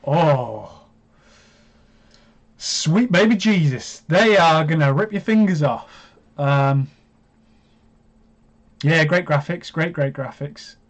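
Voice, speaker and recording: A man hosting a live watch-along stream, chatty and hesitant, breaking into excited reactions as he comments. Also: fairly high pitch, slow pace, long pauses.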